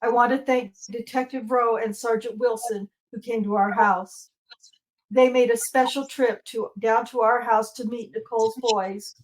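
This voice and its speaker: Middle-aged mother, a bit high-pitched, reads a prepared impact statement in court, grief-stricken and bitter. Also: steady tone, moderate pace, poor audio.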